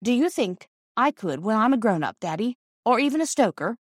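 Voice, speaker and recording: A woman's voice: a little high, very animated, brisk, no room sound, clean studio sound, voice pushed up. A woman voicing an eager young Victorian girl in a storybook, in a hopeful, raised voice.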